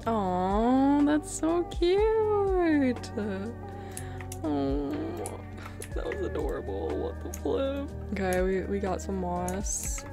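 A young woman giving casual, chatty gameplay commentary, easily startled and quick to make fun of herself. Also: fairly low pitch, creaky. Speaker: gaming video creator.

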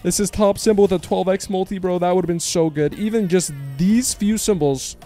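A fairly high-voiced man narrates his slot session in a loose, slangy way, calling his viewers bro and partner. He swears freely and leaps into shrill yelps whenever a win lands, with faint game music behind him. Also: moderate pace. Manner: excitable, profane, bursts into high yells on big wins. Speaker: slot streamer. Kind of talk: casual gameplay commentary.

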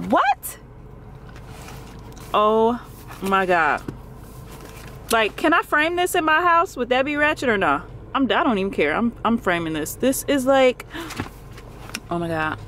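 A young woman vlogging from her car, gasping and exclaiming as she talks quickly and excitedly. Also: on the high side, slight background noise. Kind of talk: excited casual vlog. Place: in a parked car. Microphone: phone camera held close.

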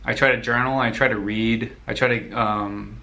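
A young man from the United States answering viewer questions in a relaxed, rambling way, laughing easily. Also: medium pitch, moderate pace. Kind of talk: casual Q&A chat.

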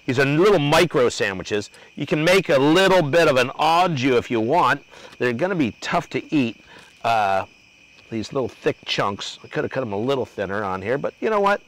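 A man's voice: mid-range voice, a bit bright, low-quality recording. A man hosting an outdoor cooking demo at a grill, talking loosely and joking with his crew and the viewers. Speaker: cooking show host.

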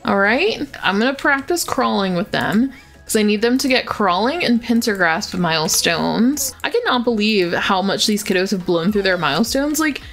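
A talkative woman narrating her gameplay in a loose, casual way, fond of the little characters on screen and full of filler words. Soft music plays faintly beneath her voice. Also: mid-range voice, very animated, normal speed. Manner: chatty, fond, lots of "like" fillers. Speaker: gaming YouTuber.

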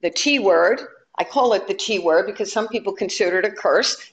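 A woman's voice: medium pitch, fairly quick. A woman minister giving a sermon in a conversational, humorous way. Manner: conversational and humorous, telling jokes to the congregation.

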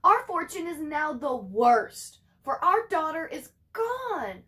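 A woman's voice: sits high, big pitch swings, fairly quick. A woman voicing a frantic, grieving village mother who wails and pleads. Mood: anguished. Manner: wailing, pleading.

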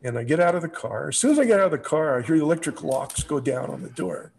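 An older man from New York with a New York accent, a guest telling lively stories in an interview. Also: fairly high pitch, fast, creaky, a little hiss or hum. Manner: animated anecdotes with quoted voices. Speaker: guest, lighting designer. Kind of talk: storytelling interview.

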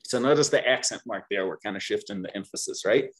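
A man's voice: fairly low pitch, fast talker. A man teaching a beginner Spanish class, upbeat, leading the students in call-and-repeat drills. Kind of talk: classroom language lesson.

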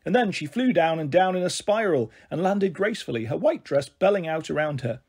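A man reading a children's book aloud in an expressive way. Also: a little high, brisk, breathy edge. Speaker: storyteller.

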